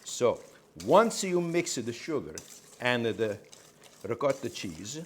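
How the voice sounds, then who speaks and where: A man's voice: mid-range voice, very animated, takes it slowly. A man playing a chatty Italian-American cook who rambles in broken English with a put-on Italian accent. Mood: chatty instruction. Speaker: cooking show host. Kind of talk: comic cooking demonstration.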